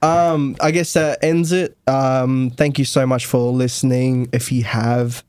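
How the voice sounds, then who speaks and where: A man's voice: mid-range voice, flat delivery, measured pace, darkish tone, clear, resonant tone, no room sound, studio quality. A man co-hosting a podcast in casual banter, crude and rambling, often restarting his sentences. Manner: crude, rambling, trips over his words. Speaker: podcast co-host.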